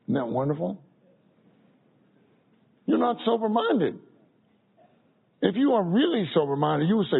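A man preaches a sermon with a husky, gravelly voice pitched fairly high. He repeats his phrases and swings between loud and soft. The sound is tinny, as if over a phone line. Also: sing-song, unhurried, long pauses.

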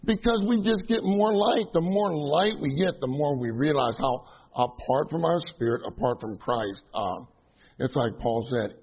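A middle-aged man gives a rambling, self-deprecating sermon to a room of trainees. His voice is husky and sits fairly high. The sound is thin and tinny, like a phone line. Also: normal speed. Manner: chatty, self-deprecating, many fillers and restarts. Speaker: minister teaching trainees. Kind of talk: casual sermon to a live audience.

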